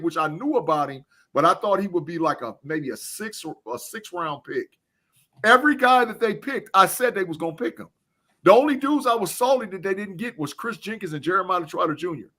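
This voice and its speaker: A man's voice: sits high, pushed and bright. A man, a guest on a remote call, talking emphatically in casual chat and chuckling as he repeats phrases.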